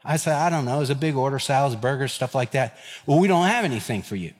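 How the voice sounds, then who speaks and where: A man preaches, his voice sitting a little high as he acts out the voices in his story. The sound rings with the long reverb of a large hall. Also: brisk. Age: 50s. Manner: animated storyteller, acts out dialogue. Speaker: pastor. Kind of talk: sermon with personal story.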